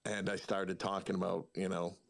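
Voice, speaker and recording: A man's voice: deep voice, little pitch movement, moderate pace, creaky. A man in a casual livestream chat, telling a bawdy story and chuckling along.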